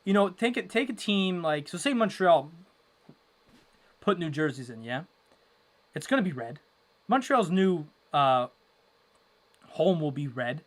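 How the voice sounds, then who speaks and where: A young man hosting a casual live hockey watchalong, rambling with lots of fillers and breaking into loud exasperation. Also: on the high side, big pitch swings, a little slow, long pauses. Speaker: livestream watchalong host.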